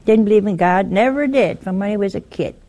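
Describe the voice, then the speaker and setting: A woman's voice: mid-range voice, a little fast, warm tone. A woman giving an earnest, urgent warning to listeners and telling a story in plain, direct words.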